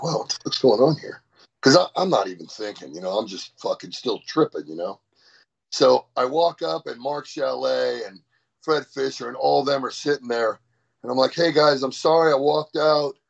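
A man guest in a casual interview, telling an animated, profane story about powerlifting. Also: medium pitch, vocal fry. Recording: dull lo-fi sound.

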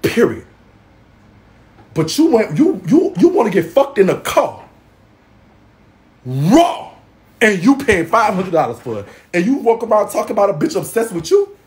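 A man giving casual gossip commentary in a sassy, profane, dramatic way, with loud exclamations and laughing. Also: high voice, very animated, moderate pace, pauses often. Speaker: gossip vlogger.

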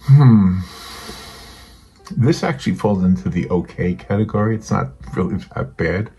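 Animated yet measured, this man's fairly low, mellow voice has a breathy edge, and the recording sounds muffled. A retired painter in his sixties, he chats casually and self-deprecatingly while working on watercolors, becoming slightly emotional.

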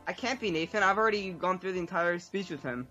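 A young man reacting quickly in a casual group gaming chat. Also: sits high, pushed and bright, muffled recording, soft background music.

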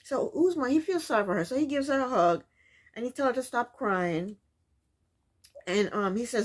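A woman's voice: fairly high pitch, animated, normal speed, long pauses. A woman casually recapping a reality TV episode, with incredulous, opinionated commentary and rhetorical questions.

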